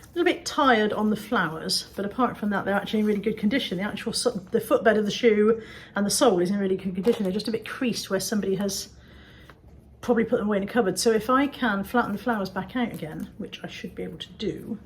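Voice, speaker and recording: A woman's voice: mid-range voice, fast, slight background noise, poor audio. A woman from England showing off her second-hand finds in a chatty, jokey, rambling way. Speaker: vlogger showing resale finds. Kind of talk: casual chat.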